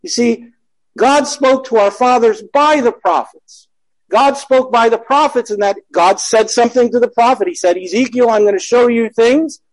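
A man with a notably high voice leads a Bible study. He talks in a relaxed, conversational way, reads passages of scripture aloud and often stops to correct his own wording. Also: moderate pace, poor audio. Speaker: Bible teacher.

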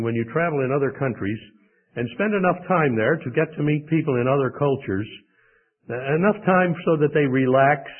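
Husky-voiced preacher man on a tinny line. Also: mid-range voice. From United States. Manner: emphatic, with rhetorical questions. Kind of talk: sermon. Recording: tinny phone-like sound.

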